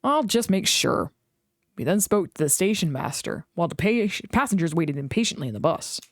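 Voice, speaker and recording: Expressive woman reading a storybook. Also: sits low, a little fast, no echo, studio quality. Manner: expressive read-aloud. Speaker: reader.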